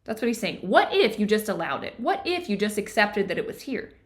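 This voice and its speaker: Book club host, woman, middle pitch, earnest and encouraging, keeps asking the audience questions. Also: sing-song, brisk. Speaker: book club host and yoga therapy teacher. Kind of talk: casual book discussion with read-aloud passages.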